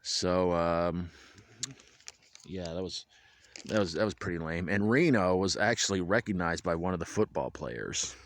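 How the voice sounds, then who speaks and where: A man's voice: low voice, measured pace, fairly bright tone. A man casually recapping a football game for his viewers outdoors in the wind, chatty and full of restarts and wry asides. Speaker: vlogger recapping a high school football game. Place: outdoors at a stadium, windy.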